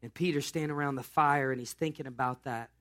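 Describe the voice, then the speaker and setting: A man's voice: medium pitch, fairly even intonation, quick pace, fairly bright tone. A man pastor preaching a sermon in a casual, storytelling way.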